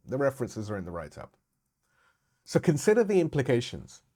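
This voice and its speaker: A man at an ordinary middle pitch delivers a scripted religious lecture. He speaks in a measured, rhetorical way, poses questions and then answers them. He puts weight on his key phrases. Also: dark tone, breathy edge.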